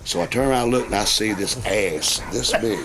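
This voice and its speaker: A middle-aged man, a wrestling veteran telling profane, animated stories in a casual interview. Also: lowish voice, a little fast. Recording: noisy background.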